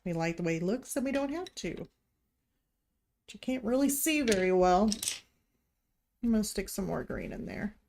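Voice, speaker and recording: Missouri lady walking you through her painting live, chatty, kinda thinks out loud. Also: mid-range voice, lively intonation, moderate pace, long pauses. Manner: chatty, thinking aloud while working. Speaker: art instructor. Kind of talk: live-stream painting tutorial. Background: heater hum.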